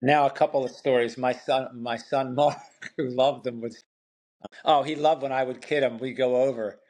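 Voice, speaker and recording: A man's voice: medium pitch, steady tone, moderate pace, a little mellow. Blunt, joking middle-aged man. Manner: blunt, joking, short replies. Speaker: guest. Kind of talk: casual chat.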